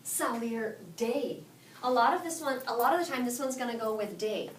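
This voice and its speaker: A woman teaching a high school Spanish class, quizzing her students and repeating their answers back to them. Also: moderate pace, a little hiss or hum. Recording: echoey classroom from far off.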